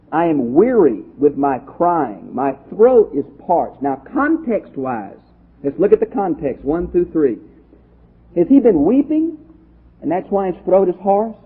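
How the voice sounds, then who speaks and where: A man from Texas, a pastor teacher giving a lively, conversational Bible study lecture and asking his class questions. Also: a little high, slightly rough. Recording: tinny lo-fi phone-like audio.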